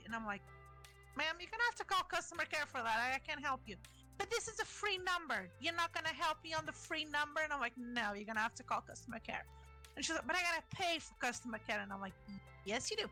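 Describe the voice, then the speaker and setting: A woman's voice: sits high, expressive, quick pace, sharp tone, faint music behind. A young woman co-hosting a podcast, chatting and laughing through stories about call center customers. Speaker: podcast co-host. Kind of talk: casual chat.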